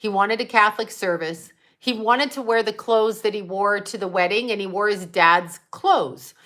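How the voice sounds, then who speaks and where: Bright-voiced woman telling a rambling personal story. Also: medium pitch, moderate pace. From United States. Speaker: psychic medium livestream host. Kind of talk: livestream talk with viewers.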